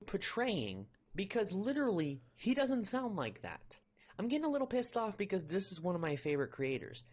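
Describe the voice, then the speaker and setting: A woman's voice: mid-range voice, sing-song, normal speed, darkish tone. A woman ranting indignantly in her own video commentary.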